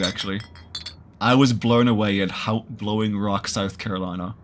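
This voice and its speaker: A man's voice: on the low side, fairly even intonation, normal speed, a little hiss or hum. A man streaming a horror visual novel, reading the narration aloud and adding jokey asides.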